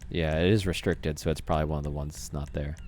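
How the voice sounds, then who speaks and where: A man hosting a racing game playlist, commenting casually, relaxed and chatty with frequent laughs. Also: very deep voice, quick pace. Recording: game noise under the voice.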